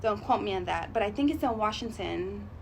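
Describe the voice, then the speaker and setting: A woman vlogging in a chatty, rambling way, thinking out loud about her goals and sharing that she is emotional and sensitive. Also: mid-range voice, expressive, fairly quick, gravelly, slight background noise. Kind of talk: casual motivational vlog talk.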